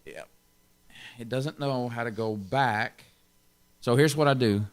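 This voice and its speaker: A man's voice: mid-range voice, takes it slowly, clear, resonant tone. A man pastor giving an informal Bible teaching, stressing key words and chuckling often.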